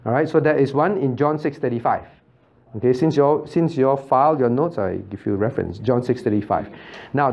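Male pastor, Bible class teaching, quizzing questions, chuckles, muffled lo-fi recording. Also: medium pitch. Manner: quizzes the class with frequent questions and tag checks like "right?"; chuckles often while explaining. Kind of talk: interactive Bible study teaching.

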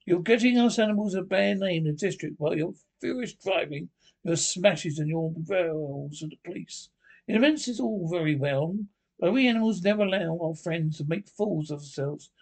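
Stern old badger, read by a man: gravelly, grave and commanding, storybook reading. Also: sits high, animated, moderate pace, full character voice.

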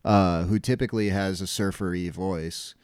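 A man's voice: low voice, steady tone, normal speed, a little mellow, clear, resonant tone, dry recording, clean studio sound. A man co-hosting a podcast, chatting about a cartoon in a rambling, hedging way. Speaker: podcast co-host. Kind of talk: casual episode recap.

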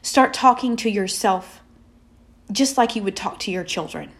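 In an expressive, mid-range voice, a woman delivers faith-based motivation through emphatic, repeated affirmations. She stretches out her pauses slowly.

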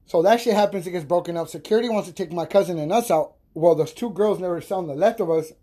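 High-voiced, profane man telling stories. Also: fast talker. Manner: animated, profane, laughing storyteller. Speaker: podcast host. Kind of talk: casual storytelling monologue.

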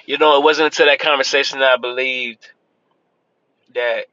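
A man's voice: mid-range voice, fairly even intonation, moderate pace, bright, forceful tone. A man talking casually to his viewers, loose and chatty, often saying "man" and "y'all". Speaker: vlogger. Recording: dull lo-fi sound with faint vehicle noise.

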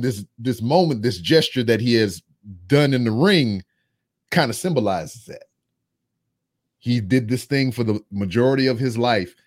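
A man in his thirties, co-hosting a podcast and telling a story in casual chat. His mid-pitched voice swings widely up and down as he tells it, and he swears freely along the way. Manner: profane, animated storytelling. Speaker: podcast co-host.

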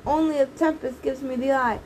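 A woman reading aloud, voicing a greedy, blind old hag who whines and demands, shrill in tone. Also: fairly even intonation, brisk, darkish tone, a little hiss or hum, lightly acted. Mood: whining.

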